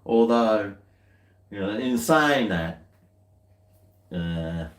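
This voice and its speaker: A man's voice: fairly low pitch, expressive, very slow, roomy sound. An Australian man chatting casually while tasting beer, rambling along with dry, muttered asides.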